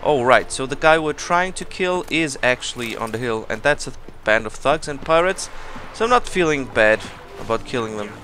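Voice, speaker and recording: A man hosting a let's play, giving casual commentary full of excited exclamations and rambling asides. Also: mid-range voice, normal speed, few pauses. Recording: commentary over loud game music. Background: game music.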